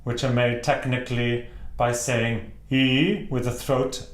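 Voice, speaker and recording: Man, from Wales, singing teacher, slow deliberate delivery, precise enunciation, demonstrates vowels, echoey room. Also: medium pitch, level tone. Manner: demonstrates vowel sounds aloud. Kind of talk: instructional talk to camera.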